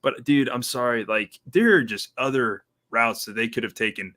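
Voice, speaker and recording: Profane, animated young man with bright voice. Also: mid-range voice, normal speed. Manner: profane, animated, mocks film lines in exaggerated voices. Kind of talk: casual chat.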